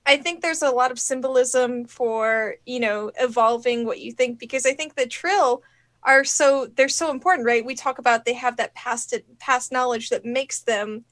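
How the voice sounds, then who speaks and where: A woman's voice: fairly high pitch, a bit bright. A woman co-hosting a podcast, talking casually and reflectively about meanings and themes. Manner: thoughtful, reflective. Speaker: podcast co-host. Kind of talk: casual review chat.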